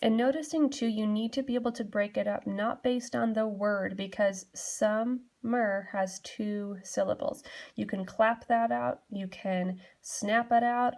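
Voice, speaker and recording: A woman in her young adult years teaches a lesson in a patient, step-by-step way, often pausing on small fillers as she works through each point. Her voice sits at an ordinary middle pitch and stays calm and even throughout. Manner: patient, steady explaining with frequent "um" and "so". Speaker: English teacher. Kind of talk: classroom lesson explaining poetry.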